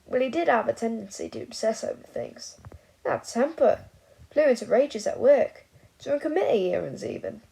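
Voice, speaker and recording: A woman's voice: a little high, big pitch swings, normal speed, creaky, warm tone, husky, exaggerated voice. A woman doing a slurring drunk old wizard. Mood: blustering. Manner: slurring, blustering.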